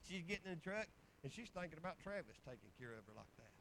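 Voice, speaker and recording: A man's voice: a little high, sing-song, fast talker, gravelly, a bit bright, slight background noise, poor audio. A man, preaching in a folksy storytelling way with bursts of exclamation. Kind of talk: sermon testimony.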